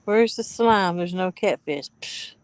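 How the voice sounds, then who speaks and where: An easygoing woman talks from a pontoon boat in the open air, and she speaks at a slow, unhurried pace. Her tone stays relaxed and casual as she greets her viewers by name. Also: fairly low pitch, clean tone, poor audio. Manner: laid-back, chats with viewers by name. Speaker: fishing live-streamer. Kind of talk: casual live-stream chat.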